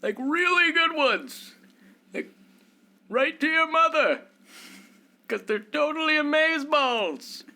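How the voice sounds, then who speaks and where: Comic old wizard with a ditzy valley-girl drawl, pitched way up and lively; male performer. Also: slow pace, pauses often, full character voice.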